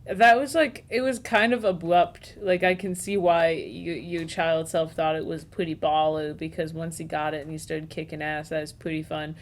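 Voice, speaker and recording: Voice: medium pitch, flat delivery, normal speed, hardly any pauses. A guest in casual conversation about a film. Sarcastic and playful, with joking asides. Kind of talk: casual chat about movies.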